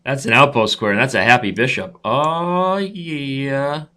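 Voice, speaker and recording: A man's voice: medium pitch, animated, normal speed, sharp tone. A man in his thirties hosting a live chess stream, commentating his own games with playful trash talk and asides to viewers.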